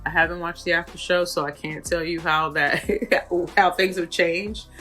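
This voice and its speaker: A woman hosting a reality TV recap, talking in a chatty, animated way full of fillers. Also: fairly low pitch, moderate pace, faint music behind. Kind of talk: casual commentary.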